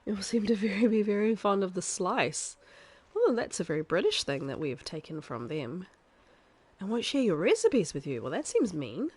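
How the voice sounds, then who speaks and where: A young woman from New Zealand with a softened New Zealand accent, chatting casually and rambling with many fillers as she streams a game. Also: medium pitch, very animated, normal speed, slightly rough, dry recording. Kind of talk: casual live game commentary.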